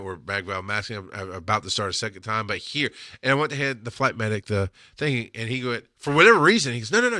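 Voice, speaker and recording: A man's voice: on the low side, bright, forceful tone, no echo, studio quality. A man telling casual stories from his time as an emergency medic, blunt and emotional, swearing when he gets angry. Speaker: EMS instructor telling field stories. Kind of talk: casual storytelling.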